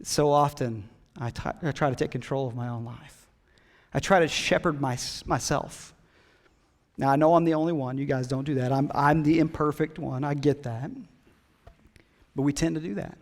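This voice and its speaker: A middle-aged male pastor preaching a sermon, chatting with his congregation and swinging from loud emphatic build-ups to hushed whispers. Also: on the high side, fairly even intonation, moderate pace. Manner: conversational, jokes with the congregation. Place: church hall. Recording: long hall reverb in a church.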